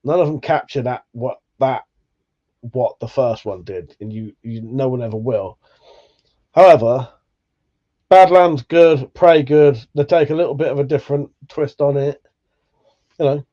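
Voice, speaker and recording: A man's voice: medium pitch, a little slow, long pauses, dark tone, dull audio. A man hosting a livestream, chatting casually and reading out viewer comments, swearing freely and laughing at himself. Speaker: livestream host.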